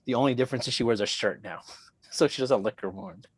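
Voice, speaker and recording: A man's voice: medium pitch, fast talker, breathy edge, no echo. A man lecturing on biology in an online class, working through quiz questions and thinking aloud in a chatty way.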